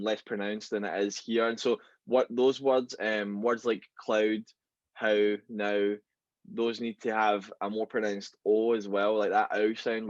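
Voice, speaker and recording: Low-voiced glaswegian man, muffled call audio. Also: dry recording. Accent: Glaswegian, softened by years in the US. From Scotland. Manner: halting, many ums and restarts. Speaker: podcast guest. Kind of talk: casual podcast chat. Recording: dry, dull lo-fi call audio.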